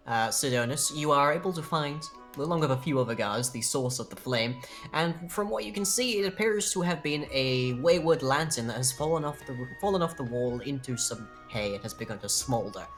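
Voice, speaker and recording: A man narrating a tabletop game as game master, steady with filler words. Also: mid-range voice, fairly quick, soft background music.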